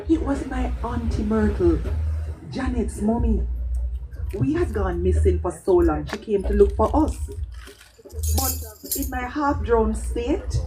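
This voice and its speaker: Warm Jamaican woman telling a story. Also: a little high, poor audio. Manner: animated storytelling, slipping into patois. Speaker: poet. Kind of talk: spoken-word poetry performance.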